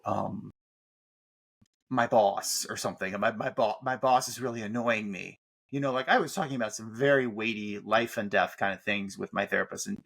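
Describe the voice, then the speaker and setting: A middle-aged man speaks as a guest on a podcast, in a voice of ordinary middle pitch. He talks in animated, rambling bursts, stopping to restart sentences and briefly acting out other people's words. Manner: animated, frequent restarts and "like", acts out quoted therapists. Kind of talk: conversational interview talk.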